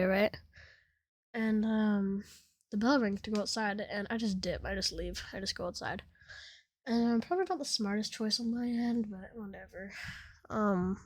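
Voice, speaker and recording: A woman's voice: medium pitch, no room sound. A teenage girl telling a school story time in casual chat, rambling with many fillers and giggles. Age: teens. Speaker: storytime vlogger.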